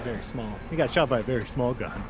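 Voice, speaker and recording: A man's voice: medium pitch, fast talker, very noisy. A man co-hosting a game stream in casual chat, joking and laughing often. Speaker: co-host watching a game stream.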